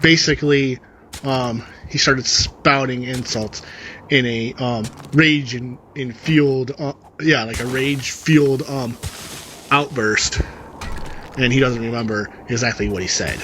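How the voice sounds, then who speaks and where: A man's voice: mid-range voice, a little slow, sharp tone, slight background noise. A man reading a story aloud and adding sarcastic, rambling comic asides over gameplay. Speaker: story reader and commentator.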